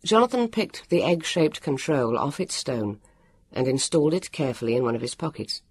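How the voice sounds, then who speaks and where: Slow expressive narrator for a storybook, husky, close and dry. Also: mid-range voice, no room sound.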